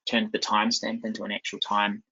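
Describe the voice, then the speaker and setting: A man giving a live software demo at a conference, talking loosely with many ums and restarts. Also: on the low side, monotone, brisk, husky. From New Zealand. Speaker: conference presenter. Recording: dull lo-fi sound.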